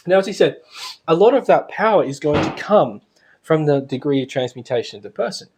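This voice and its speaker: A man's voice: a little high, expressive, a little fast, background noise. A man giving a casual spiritual lecture to a class, chatty and anecdotal, often laughing.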